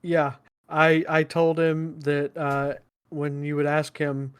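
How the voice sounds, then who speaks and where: A man's voice: fairly high pitch, monotone, slow pace, smooth. A man co-hosting a podcast, telling rambling stories in casual chat and laughing at them. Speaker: podcast co-host.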